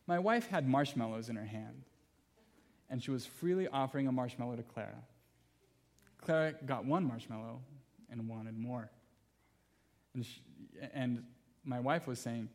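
A man's voice: medium pitch, moderate pace, a little mellow. Earnest man preaching a sermon. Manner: earnest, emphatic, repeats key phrases; personal storytelling with humor. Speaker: pastor.

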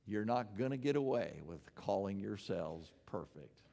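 A man preaching a sermon as pastor, earnest and emphatic, rising on questions and dropping low to land his points. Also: lively intonation, unhurried, vocal fry, warm tone. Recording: long hall reverb.

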